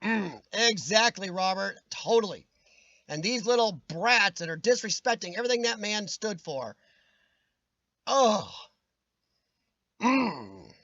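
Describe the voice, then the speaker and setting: A man's voice: high voice, animated, slow, long pauses, pushed and bright, dry recording, highs cut off. A man hosting a casual live-stream chat, ranting with strong opinions and answering viewers' comments by name, his voice starting to wear out. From United States. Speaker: livestream host reading chat.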